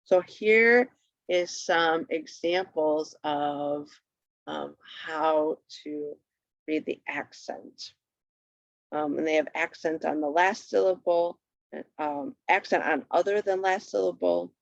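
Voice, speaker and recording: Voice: mid-range voice, slow pace, gravelly, no room sound. A patient teacher walking through a Hebrew primer on a shared screen, repeating each word twice for the learner. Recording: dull lo-fi recording.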